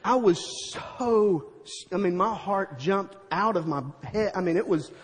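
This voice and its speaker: Middle-aged male preacher, high husky voice, lively storyteller, echoing hall. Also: a little slow. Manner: animated, acts out scenes with sound effects. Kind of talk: storytelling sermon.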